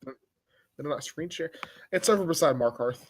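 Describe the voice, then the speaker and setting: A man's voice: on the high side, animated, moderate pace, breathy edge. A man acting as game master, running a tabletop game with friends in a playful, teasing way.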